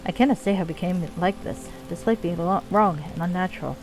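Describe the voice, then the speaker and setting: A woman voicing a gruff male dwarf clan leader, weary of endless war, in a put-on Scottish accent. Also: fairly low pitch, a little fast, a little mellow, faint music behind, lightly acted, poor audio. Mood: somber. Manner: gruff, archaic folksy dwarf speech. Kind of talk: reading game dialogue aloud.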